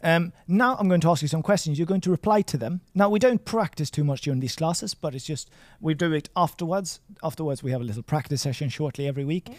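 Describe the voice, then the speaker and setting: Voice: medium pitch, quick pace, hardly any pauses, a little mellow, no echo, clean studio sound. A language teacher leading a one-on-one lesson, patient and playful, drilling words by repeating them.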